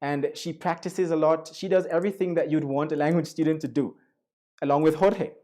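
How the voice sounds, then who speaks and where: A man's voice: on the high side, fairly even intonation, a little fast, warm tone. A man from Jamaica, giving a chatty online lecture with Spanish asides. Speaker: guest lecturer.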